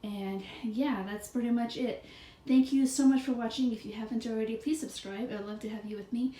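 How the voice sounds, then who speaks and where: Out of breath and playful, a woman talks casually to her audience as she films her bedroom with a handheld phone. She speaks briskly in a slightly high, mellow voice that stays steady. There's a faint hum of ambient noise and some echo in the room.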